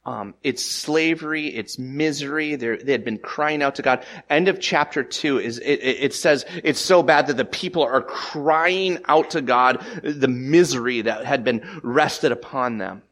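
A man preaching a sermon as pastor, with animated delivery, repeated restarts and swings between loud emphatic lines and quiet ones. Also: mid-range voice, measured pace, few pauses.

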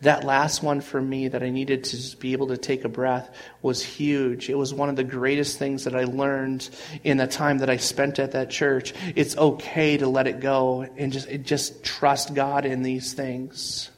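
Male pastor, mid-pitch, conversational sermon, earnest storytelling, halting restarts, rises and drops in volume. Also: monotone. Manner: earnest storytelling with frequent restarts and swings in loudness.

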